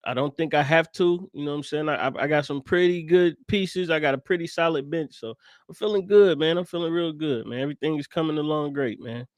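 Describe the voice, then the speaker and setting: A man's voice: fairly high pitch, brisk, dry recording. Easygoing upbeat podcast man, dry sound. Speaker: podcast co-host. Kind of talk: casual chat.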